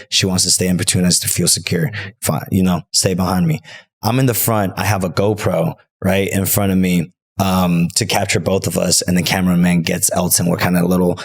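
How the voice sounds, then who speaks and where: Deep, gravelly man telling a story. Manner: rambling and animated, full of "like" and "you know", swears freely. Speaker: podcast guest. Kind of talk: casual storytelling.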